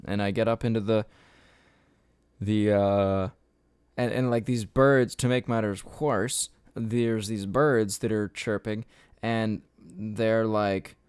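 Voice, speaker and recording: A man's voice: on the low side, fairly even intonation, slow pace, darkish tone, smooth, no echo, clean studio sound. A young man hosting a podcast, telling a long rambling story casually, swearing often and laughing at himself. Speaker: podcast host.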